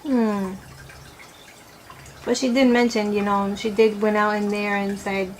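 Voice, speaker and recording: In a poor-quality recording with slight background noise, a woman vlogger shares her opinions while eating. Her mid-range voice moves little in pitch and is unhurried, with long pauses, as she rambles, says "you know" often, and keeps correcting herself.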